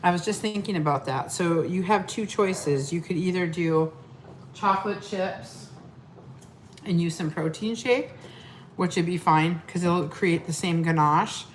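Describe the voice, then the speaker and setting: Chatty low-voiced woman in echoey kitchen. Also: unhurried. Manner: chatty and scattered, talks to viewers as y'all. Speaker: weight-loss coach hosting a live cooking stream. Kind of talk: casual live cooking demo. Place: home kitchen with pets and family about. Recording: echoey room with clear background noise.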